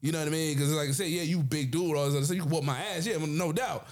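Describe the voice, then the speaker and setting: Man, high voice, casual chat, animated, acts out quotes. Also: racing.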